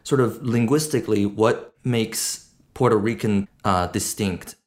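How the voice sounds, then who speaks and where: A man's voice: on the low side, unhurried, darkish tone, dry recording. A man co-hosting a podcast, narrating and asking questions with nerdy enthusiasm. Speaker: podcast co-host.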